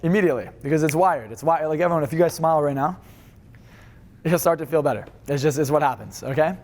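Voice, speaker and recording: A man leading a live seminar, energetic and fast, swearing freely as he instructs the room. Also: a little high, slight background noise. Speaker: seminar speaker.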